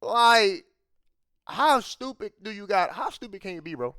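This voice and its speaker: Man, high voice, dry close sound, fired-up reaction rant, bro after every phrase, repeats himself. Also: animated, measured pace, sharp tone, smooth, no room sound. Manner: heated, profane, says "bro" after nearly every phrase; repeats phrases and restarts when worked up. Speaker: reaction video host. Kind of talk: casual reaction commentary.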